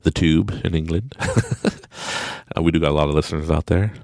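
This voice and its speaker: A man's voice: rumbling low, fairly even intonation, fairly quick, vocal fry, a little mellow, no echo, studio quality. A man hosting a podcast, talking in a casual, upbeat motivational way, laughing often and acting out little voices. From Quebec, Canada. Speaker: podcast host.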